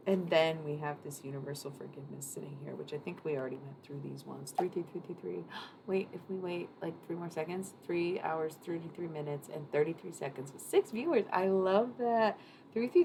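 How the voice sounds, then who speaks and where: Deep-voiced woman, gravelly, rambling tarot streamer, noisy background. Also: moderate pace, warm tone. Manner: rambling, chatty, swears casually. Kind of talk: casual live-stream card reading. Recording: noisy room ambience.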